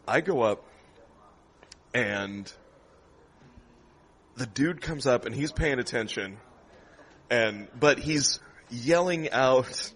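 A man, a stand-up comedian, telling a lively after-show story in a comedy club, laughing often and acting out the people in it. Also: medium pitch, slow pace, long pauses, slightly rough. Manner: animated storyteller, laughs often, acts out voices.

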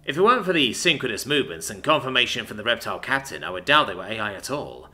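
Male narrator reading sci-fi audiobook, sardonic first-person delivery, very bright forceful tone. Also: medium pitch, big pitch swings, fast. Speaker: story narrator.

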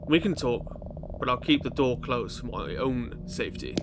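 A man voicing a wary camper who speaks through a closed door, slow and cautious. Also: medium pitch, very animated, vocal fry, background noise. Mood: guarded.

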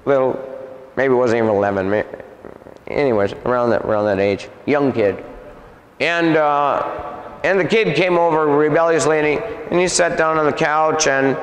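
A man preaching, telling a story with animated delivery, sound effects and many repeats, in an echoey hall. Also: a little high, moderate pace. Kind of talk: sermon testimony. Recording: echoey hall with long reverb.

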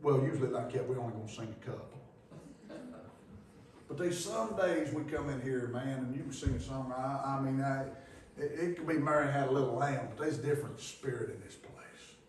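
A male pastor preaching a sermon in a church, moving from quiet scripture reading to loud, fervent exhortation with folksy grammar. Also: mid-range voice, fairly quick, distant mic, a little hiss or hum. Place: church sanctuary. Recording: very echoey church hall from afar.

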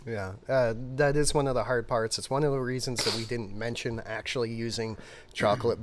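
A man co-hosting a casual brewing livestream, talking in a rambling, animated, digressive way. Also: medium pitch, brisk, background noise. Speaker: brewer and show co-host.

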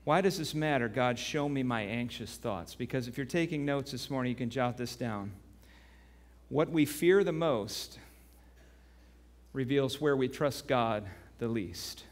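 A man preaching a sermon as pastor. He tells a story with animation and then turns quiet and earnest. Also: medium pitch, unhurried. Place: church sanctuary. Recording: long reverb of a church hall.

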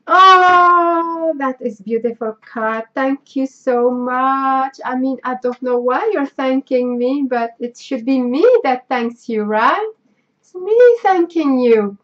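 A woman with a French accent chats through an unboxing vlog, sentimental and effusive in her thanks. She talks unhurriedly in a somewhat high voice. The recording sounds dull and lo-fi. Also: fairly even intonation, a little slow, hardly any pauses. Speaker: craft vlogger. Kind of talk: casual unboxing chat.

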